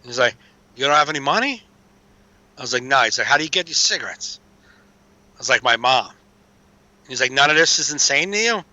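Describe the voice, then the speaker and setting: A man's voice: medium pitch, expressive, fairly quick, pauses often, bright, forceful tone, no echo, muffled recording. A man telling recovery stories in a casual chat, streetwise and swearing freely. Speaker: podcast guest.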